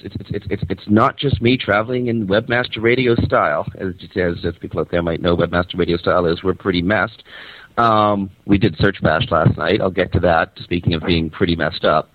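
A man's voice: on the low side, fairly quick, no room sound. Rambling man on a tinny phone line. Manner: rambling, animated storyteller who swears casually. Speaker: radio show host reporting from a conference. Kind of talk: casual phoned-in radio chat. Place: hotel conference center.

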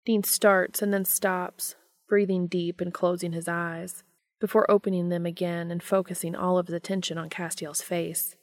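A woman narrating a romantic story in a calm, slow, measured way. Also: lowish voice, no echo, clean studio sound. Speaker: story reader.

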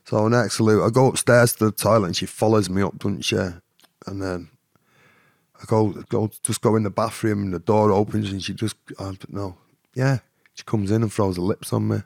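A Mancunian man speaks as a podcast guest, his voice low and full of gravelly fry. He tells his story in a rambling way, with fillers and tags like "you know what I mean". The sound is close and dry, with no room in it. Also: steady tone, moderate pace, darkish tone, no echo. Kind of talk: storytelling in an interview.

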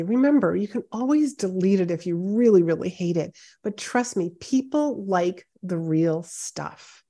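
A woman's voice: medium pitch, a little mellow. A woman hosting a solo podcast as a speaking coach, talking in an encouraging, conversational way straight to the listener from her home office. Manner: encouraging, conversational, direct address. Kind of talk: solo podcast pep talk. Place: home office with high ceilings and hardwood floors.

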